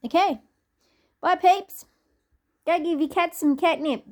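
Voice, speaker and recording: Australian woman, casual home vlog, coos in unhurried sing-song baby talk, laughs a lot, curses in asides. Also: high voice, big pitch swings. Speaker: vlogger filming her cats. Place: home kitchen, indoors.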